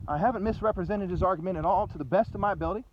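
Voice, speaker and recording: A man vlogging while walking around, recounting an argument in an agitated, repetitive way. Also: sits high. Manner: agitated, repetitive, fast and intense. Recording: dull lo-fi recording with faint noise.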